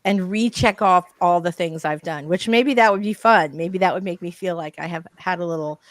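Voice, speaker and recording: A woman's voice: lowish voice, moderate pace, no room sound. A woman co-hosting a casual writing livestream, bubbly and chatty with lots of enthusiasm.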